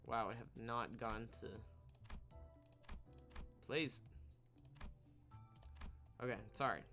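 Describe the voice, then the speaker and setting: A man streaming a video game, chatting casually, joking and reading dialogue aloud with loud reactions. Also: medium pitch, extremely slow, faint music behind. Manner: chatty, jokey, reacts with outbursts.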